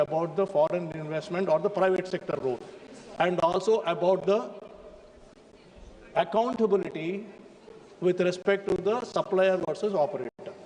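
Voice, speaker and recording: A man's voice: a little high, a little mellow. A man with an Indian English accent giving an emphatic speech in a parliament chamber, repeatedly addressing the chair as sir. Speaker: member of parliament. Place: large parliament chamber, indoors. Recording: reverberant chamber broadcast feed.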